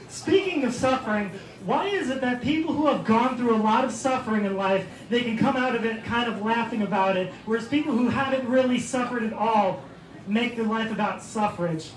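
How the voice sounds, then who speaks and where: A male stand-up comedian on a club stage, mocking and combative, shouting insults at hecklers. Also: very high voice, moderate pace. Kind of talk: stand-up set turning into shouting match. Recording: echoey club with crowd noise.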